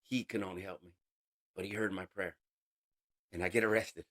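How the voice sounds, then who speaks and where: A man's voice: low-pitched, fairly even intonation, fairly bright tone. Emotional man telling his recovery story. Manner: emotional, halting, casual slang. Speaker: interview guest sharing a recovery story. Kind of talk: personal testimony.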